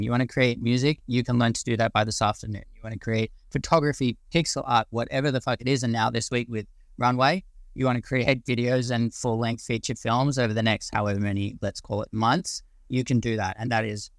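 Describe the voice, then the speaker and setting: A man's voice: medium pitch, no echo. A man in his forties with an Australian accent, a guest speaker in a casual live audio discussion, ranting passionately and rambling with some casual swearing.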